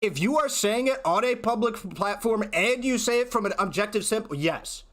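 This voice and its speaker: A man's voice: sits high, expressive, moderate pace, fairly bright tone. A man streaming live, ranting in an exasperated, profane way, often restarting his sentences. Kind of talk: heated livestream rant.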